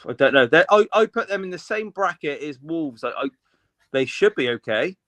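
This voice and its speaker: Bloke ranting about football, bright voice, a bit high, dry sound. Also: male voice, lively intonation, normal speed, dry recording. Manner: opinionated, rambling with restarts. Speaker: podcast co-host. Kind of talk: casual football chat.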